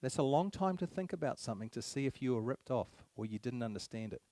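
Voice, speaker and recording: A man's voice: medium pitch, expressive, quick pace, dark tone, dry recording. A man giving a public speech to a live audience, emphatic, repeating key phrases and firing rhetorical questions at the crowd. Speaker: speaker at a public meeting.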